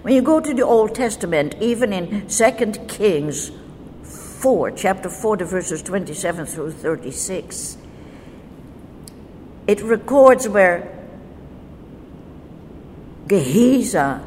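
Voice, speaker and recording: Slow woman teaching scripture, long reverb. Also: mid-range voice, expressive, a little mellow. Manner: measured, deliberate reading of verses. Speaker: Bible teacher. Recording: faint noise with long reverb.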